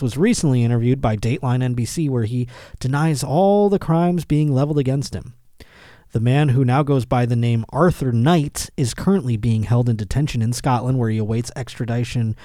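A man hosts a comedy podcast, reading out strange news and riffing on it with frequent laughs. His voice sits at an ordinary middle pitch and is recorded dry and close in a studio. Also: warm tone, dry recording. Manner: joking, riffing on news stories, laughs often. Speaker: podcast host.

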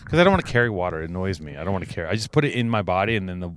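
A man co-hosting a casual outdoor show, bantering and teasing his friend in deadpan jokes while out on a hiking trail. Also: low voice, very fast, a little hiss or hum. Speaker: co-host.

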